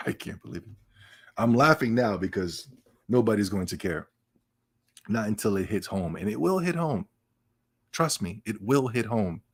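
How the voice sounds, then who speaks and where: A man's voice: lowish voice, expressive, normal speed, long pauses, husky. A man hosting a podcast, giving casual gaming news commentary in a sarcastic, emphatic rant with laughs between remarks. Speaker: podcast host.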